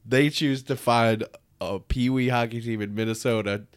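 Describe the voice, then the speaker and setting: A man's voice: mid-range voice, fairly even intonation, moderate pace, clear, resonant tone, dry recording, clean studio sound. Laid-back man recapping a film plot. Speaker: podcast co-host. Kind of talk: casual chat.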